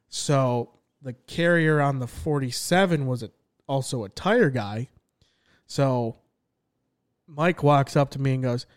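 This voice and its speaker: A man's voice: a little high, a little slow, clean tone. A man hosting a racing podcast, asking questions and telling stories in a wry, chatty way. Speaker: podcast host. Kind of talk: casual podcast chat and storytelling.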